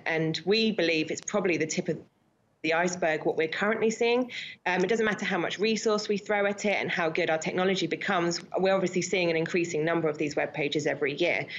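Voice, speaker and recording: A woman with a notably low voice answers a news host's questions in an earnest, factual manner. She comes through a remote link that sounds dull and muffled. Her delivery stays serious and steady. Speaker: interview guest, charity projects officer.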